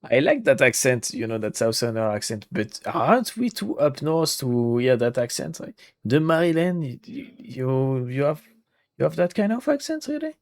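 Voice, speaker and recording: A man's voice: medium pitch, sing-song, moderate pace, no echo. Man, casual gaming commentary, joking, reads dialogue aloud, dry sound. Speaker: gaming YouTuber. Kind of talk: casual let's-play commentary.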